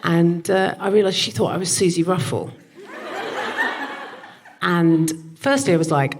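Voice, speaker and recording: A woman's voice: fairly low pitch, measured pace, pauses often, noisy background. A woman in her forties, a comedian co-host, telling a comic story on stage in front of a live audience, swearing freely and acting out the voices of the people she quotes. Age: 40s.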